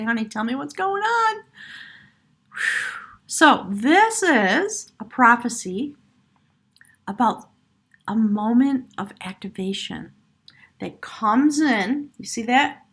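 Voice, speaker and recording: A woman giving an earnest, emotional tarot reading, laughing often and at times choked up, her voice cracking. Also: medium pitch. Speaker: tarot reader.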